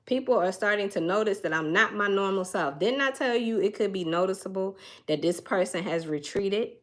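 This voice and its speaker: A woman's voice: mid-range voice, normal speed. A woman, doing a casual tarot reading and chatting straight to her viewers in a folksy way. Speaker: tarot reader.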